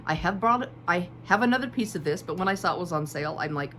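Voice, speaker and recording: A woman's voice: medium pitch, animated, a little fast, fairly bright tone. A woman in her fifties chatting casually and enthusiastically on her quilting channel, showing off fabric at home and repeating her favorite phrases. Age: 50s. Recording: faint background hum.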